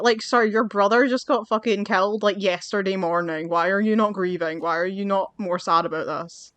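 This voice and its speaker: A woman's voice: mid-range voice, fairly even intonation, normal speed, hardly any pauses, fairly bright tone, dry recording. A woman hosting a gaming channel, rambling and swearing through casual gameplay commentary, with her mic a little far away. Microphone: desk mic, a bit far from her face.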